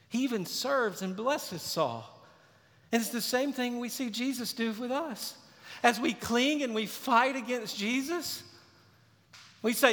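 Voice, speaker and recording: High-voiced preacher in a reverberant hall. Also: male voice, unhurried. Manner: dramatic preacher, drops to a hush at the close. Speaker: pastor. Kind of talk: sermon. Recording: long reverb of a large hall.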